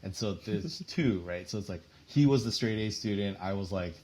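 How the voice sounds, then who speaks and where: A chatty man from New Jersey in his thirties with a lowish voice, rambling through his answers with lots of fillers and easy laughter. A faint room ambience sits behind him. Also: expressive, moderate pace, darkish tone, a little hiss or hum. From central New Jersey, US. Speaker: guest artist. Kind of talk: casual interview chat.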